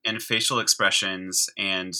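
Bright-voiced man explaining sign language. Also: low-pitched, level tone, a little slow, clear, resonant tone, low-quality recording. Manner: enthusiastic, chatty explainer. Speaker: guest, sign language teacher. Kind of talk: conversational explaining.

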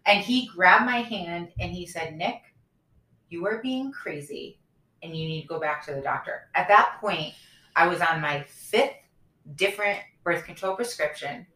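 This podcast co-host is a woman in her thirties whose voice sits on the low side and moves a little slowly. Chatting casually in a room with noticeable echo, she shares a candid personal story, animatedly voicing the dialogue of everyone involved.

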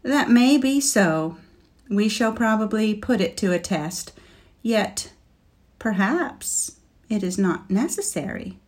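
A woman voicing a calm young male knight with a dry wit in a storybook, speaking firmly and evenly. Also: medium pitch, takes it slowly, pitched above the performer's own voice.

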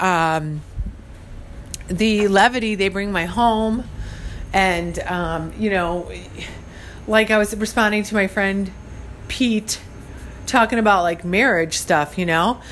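A woman's voice: mid-range voice, measured pace, slight background noise. A woman in her forties hosting a casual solo podcast from her studio, rambling and chatty with frequent laughs. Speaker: podcast host.

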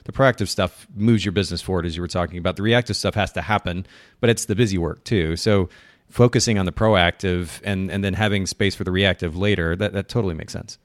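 A man's voice: low voice, quick pace, dry recording, clean studio sound. A man hosting a podcast interview, enthusiastic and encouraging, often laughing along with his guest. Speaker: podcast host.

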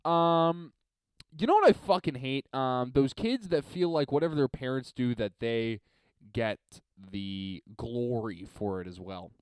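A young man from Montreal hosting a podcast alone, ranting and swearing, swinging between loud and quiet. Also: medium pitch, lively intonation, unhurried, smooth, dry recording. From Montreal, Canada. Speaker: podcast host. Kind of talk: solo podcast rant.

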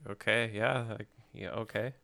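A man's voice: fairly low pitch, steady tone, moderate pace, creaky, bright, forceful tone, no echo. A man playing an unsure voice talent in a comic sketch, hesitant and stumbling over his words. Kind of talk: comedic improvised sketch.

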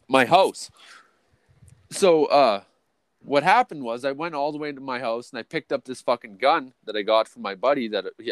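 A man co-hosting a podcast spins a long, rambling story, swearing in nearly every line and tripping over restarts as he goes. His voice sits at an ordinary middle pitch, and the sound is close and dry with no room echo. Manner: profane, rambling, full of restarts and "or whatever, right"; jumps to a much higher, louder voice when quoting people. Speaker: podcast co-host. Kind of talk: casual storytelling chat.

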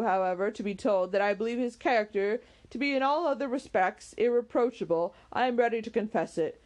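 A woman voicing a witty, stubborn young gentleman who banters in a quick, teasing way. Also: a little high, close to an everyday voice, low-quality recording.

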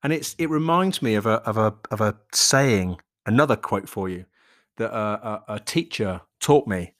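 A man's voice: lowish voice, expressive, normal speed, a bit bright. A man talking alone on his own podcast, reflective and rambling, swearing casually and often laughing. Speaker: podcast host and coach. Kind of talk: solo podcast monologue.

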